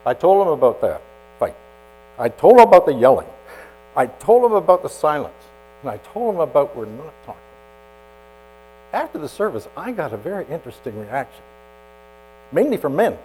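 Animated male preacher telling stories. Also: on the high side, normal speed, pauses often, slight background noise, poor audio. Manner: dramatic, swinging from loud emphasis to hushed asides. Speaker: pastor. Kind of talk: storytelling sermon.

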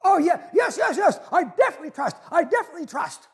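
A man voicing a panicked male tourist hanging off a cliff, pleading in a high frantic voice. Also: sing-song, quick pace, a bit bright, exaggerated voice.

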